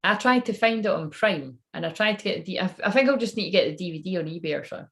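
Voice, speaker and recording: A woman with a somewhat low voice rambles through a psychic reading in loose, casual talk. She swears without a second thought and keeps laughing at her own jokes. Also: lively intonation, fast talker, vocal fry, fairly bright tone. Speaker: psychic reader channeling messages.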